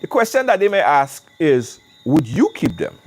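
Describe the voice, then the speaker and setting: Animated man talking outdoors. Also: on the high side, moderate pace, a little hiss or hum. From Caribbean. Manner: animated, emphatic repetition. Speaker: show host. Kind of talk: casual call-in talk. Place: outdoors, windy.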